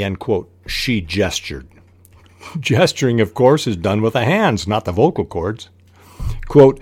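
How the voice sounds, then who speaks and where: Male writing instructor, low voice, measured delivery, dry close-mic. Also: very animated, darkish tone, dry recording. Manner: measured, reads quoted passages aloud. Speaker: podcast host teaching fiction writing. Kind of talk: instructional podcast talk.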